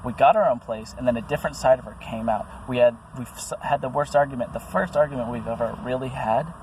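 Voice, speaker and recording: A man's voice: medium pitch, fast talker, noisy background. Earnest rambling man talking to camera. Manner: rambling, earnest, with many restarts and fillers. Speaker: vlogger. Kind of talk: personal monologue to camera.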